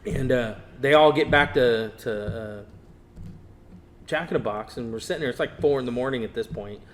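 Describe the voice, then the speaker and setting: Casual podcast guest, male, animated storyteller. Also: mid-range voice, moderate pace, a little hiss or hum. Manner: animated storyteller, acts out quotes. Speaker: guest, race car builder. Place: podcast studio.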